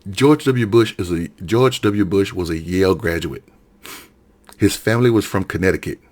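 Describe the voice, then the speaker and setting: Speaking at a moderate pace in a low, darkish voice, this middle-aged Alabama political commentator rants on his own with real heat. He often circles back to repeat himself and fix what he just said.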